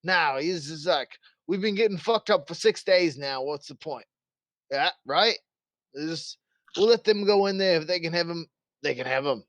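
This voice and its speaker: A man voicing a gruff, crude male guard captain who swears bluntly and sounds dismissive. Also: a little high, moderate pace, no room sound, pitched above the performer's own voice, natural voice. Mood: exasperated.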